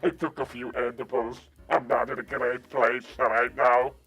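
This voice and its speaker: A man's voice: medium pitch, flat delivery, measured pace, a bit bright, husky, faint music behind. A man calling into a live show, panicky and insulting. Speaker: caller. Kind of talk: comic bit over a call.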